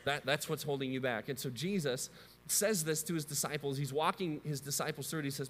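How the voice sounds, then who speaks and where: Conversational pastor in a reverberant church. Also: male voice, fairly high pitch, animated, moderate pace, a bit bright. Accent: American Midwest. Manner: conversational, asks the audience questions. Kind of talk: sermon. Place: church sanctuary. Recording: long hall reverb.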